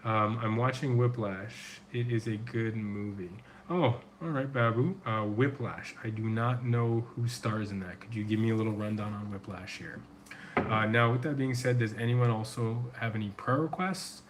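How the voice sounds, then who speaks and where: A man's voice: on the low side, moderate pace, background noise. A middle-aged man hosting a casual livestream, answering viewer questions in an earnest, rambling way with a sore throat. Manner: earnest, loose and rambling with many fillers. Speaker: men's coach and livestream host.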